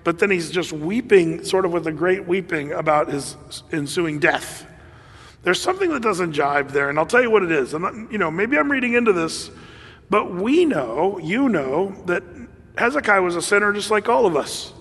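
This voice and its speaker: A man preaching a sermon in a conversational, animated way, with laughs and fillers. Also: high-pitched, moderate pace, husky, in a large hall. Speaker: pastor.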